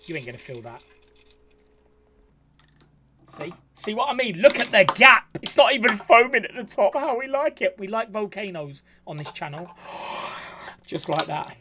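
An excitable man reacts with camp, cheeky commentary, his voice leaping all over the place. Loud keyboard clicking runs underneath the whole recording. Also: high-pitched, normal speed, pauses often, noisy background. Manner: camp, cheeky, gasping and squealing. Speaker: reaction video host.

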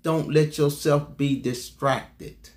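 A preacher with a voice a touch higher than most men delivers a sermon. He says his main points twice and keeps calling out to the congregation. His pitch jumps suddenly when he presses a point. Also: steady tone, takes it slowly, darkish tone. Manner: emphatic, repeats key lines, sudden leaps in pitch; calls out to the congregation for response.

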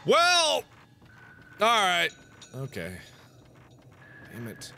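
A man hosting a let's play of a horror game, excitable, swearing, yelling and mock-taunting. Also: sits high, drawn-out words, gravelly. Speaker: gaming video host. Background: game music.

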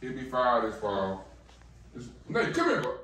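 A man's voice: mid-range voice, wildly swooping pitch, unhurried, pushed and bright, distant mic. Guy vlogging at home w his dog, slangy and laid back, echoey room, drifts off mic sometimes. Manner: loose slangy talk, coaxing the dog. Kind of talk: casual vlog with his dog.

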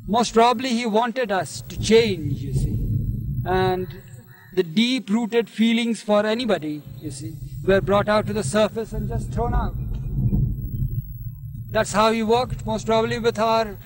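Man, high-pitched voice, interview storytelling, leisurely, peppered with "you see", old archival recording. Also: measured pace, rough recording.

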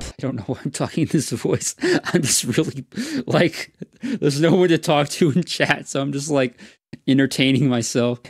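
A man's voice: mid-range voice, expressive, moderate pace, slightly rough, soft background music. A man streaming a video game, talking in casual, self-amused commentary as he plays.

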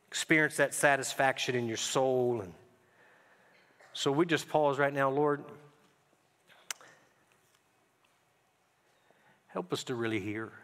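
A man's voice: medium pitch, a bit bright. A man preaching a conversational sermon as a pastor, telling stories and often repeating words as he goes. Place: church sanctuary. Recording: long hall reverb.

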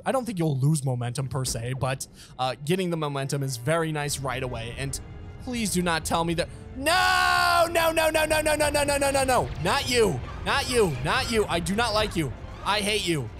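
A young man playing through a video game, chatting excitedly, laughing often and talking back to the game. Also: sits high. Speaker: gaming channel host. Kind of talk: let's play commentary.

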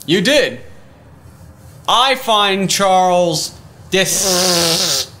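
A man's voice: high voice, sing-song, slow pace, heavy background noise, exaggerated voice. A man voicing a grumpy, self-righteous male puppet in a comedic church skit, huffy and smug, growling "roar" when cross. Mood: indignant.

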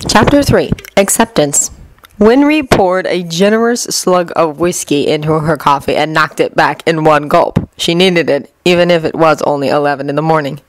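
A woman reading a fanfiction story aloud as narrator, in an even, measured way. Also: low voice, poor audio. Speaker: fanfiction reader.

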